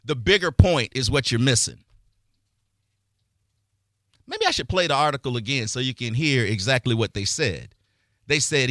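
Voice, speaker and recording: Radio host, man, brash banter, bright and animated, dry studio sound. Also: medium pitch, no room sound. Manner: brash, joking, streetwise banter. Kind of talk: radio talk show.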